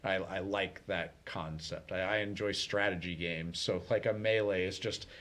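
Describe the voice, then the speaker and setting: Low-voiced man explaining in casual chat. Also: moderate pace. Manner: relaxed, explanatory, many fillers. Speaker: co-host. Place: community TV studio.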